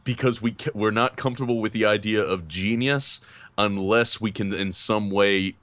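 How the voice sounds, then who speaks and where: A man co-hosting a podcast, giving a casual film review in an animated, self-deprecating way and laughing often. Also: on the low side, normal speed, no echo. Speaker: podcast co-host.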